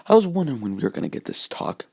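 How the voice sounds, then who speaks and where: A man voicing a cold, ageless young man who speaks calmly and cockily, delivering the lines in a loose, halting way. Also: mid-range voice, creaky, slightly rough, voice pushed up, full character voice. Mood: taunting. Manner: loose, halting quoted dialogue.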